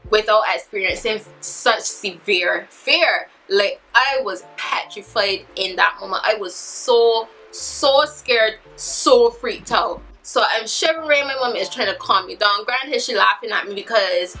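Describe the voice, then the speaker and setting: A woman in her twenties telling a story in a vlog, animated and dramatic, acting out what people said. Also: mid-range voice, moderate pace, faint music behind. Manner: animated, dramatic retelling with acted-out quotes. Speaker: vlogger.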